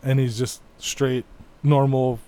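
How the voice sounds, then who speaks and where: Podcast host guy, jokey and sarcastic, swears a lot, mid pitch. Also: level tone, slow pace, warm tone, clear, resonant tone. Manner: joking, sarcastic, swears freely. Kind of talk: casual podcast chat.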